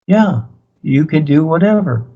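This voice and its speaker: A man's voice: on the high side, lively intonation, a little slow, warm tone, slight background noise. A man teaching on a video call, in an insistent, repetitive, preachy way. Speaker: spiritual teacher. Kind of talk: lecturing over a video call. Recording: muffled video-call audio.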